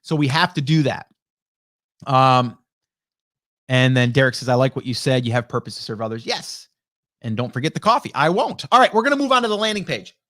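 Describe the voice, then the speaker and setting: A man hosting a casual live stream who talks fast and gets fired up, tagging his points with "right?" and "okay?", close on a broadcast studio mic. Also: mid-range voice, dry recording. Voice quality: energetic, fired-up, rapid talker. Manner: rhetorical "right?" and "okay?" tags. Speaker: livestream host. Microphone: broadcast dynamic studio mic.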